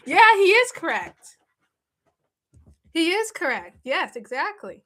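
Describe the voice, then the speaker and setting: Bright high-voiced woman chatting on stream. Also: very animated, a little slow, pauses often. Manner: emphatic, repeats herself, laughs often. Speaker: live stream host. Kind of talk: casual reaction chat with viewers.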